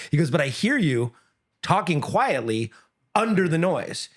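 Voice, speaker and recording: A middle-aged man, an MMA coach and former comedian, chatting on a podcast, telling animated stories and breaking into loud, high quoted voices. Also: measured pace. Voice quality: often breaks off and restarts sentences. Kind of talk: casual podcast chat.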